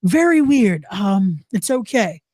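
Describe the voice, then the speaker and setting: A man's voice: sits high, very animated, takes it slowly, a little mellow, no room sound. A man hosting a wrestling podcast in casual chat, often repeating himself and trash talking rivals playfully. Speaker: podcast host.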